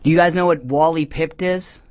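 A man hosting a call-in comedy radio show, drifting through deadpan, absurd tangents with self-mocking asides and frequent restarts. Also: on the high side, moderate pace, no room sound. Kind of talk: rambling comic monologue.

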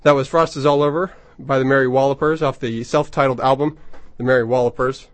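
A man's voice: medium pitch, fairly quick, no room sound. Chatty rambling male radio DJ. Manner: chatty and rambling, many ums, excitable. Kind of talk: casual on-air chat between songs. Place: radio studio. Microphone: studio microphone.

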